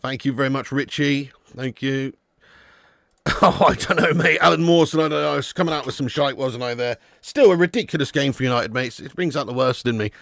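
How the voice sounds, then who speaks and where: A man's voice: medium pitch, brisk, gravelly, fairly bright tone, no echo, clean studio sound. A young man hosting a live football watch-along, chatting casually and bantering with viewers. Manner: chatty, banter with viewers, jokey put-on accents.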